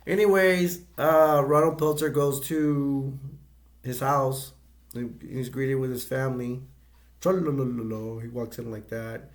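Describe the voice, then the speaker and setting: A man giving a casual movie review, retelling the plot in a rambling, halting way with many restarts. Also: mid-range voice, steady tone.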